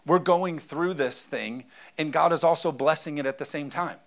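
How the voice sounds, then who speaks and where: A man's voice: fairly high pitch, normal speed. Emphatic man in his thirties preaching. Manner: emphatic preaching, often calling for amen. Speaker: pastor. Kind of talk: sermon.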